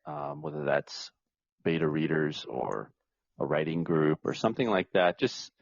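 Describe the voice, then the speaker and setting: A relaxed man speaks in a very deep voice, casual and conversational. The sound is dry and slightly dull. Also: gravelly, no echo. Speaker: podcast guest. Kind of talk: casual interview chat.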